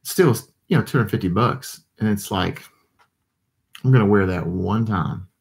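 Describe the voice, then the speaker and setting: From his home desk, a livestream host with a drawl and a creaky, slightly low voice chats loosely with viewers and answers their comments. He rambles at a measured pace, tired and yawning as he goes.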